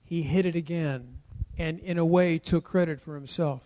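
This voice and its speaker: A middle-aged man preaching a sermon, emphatic and building to loud declarations. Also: a little high, moderate pace. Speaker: pastor.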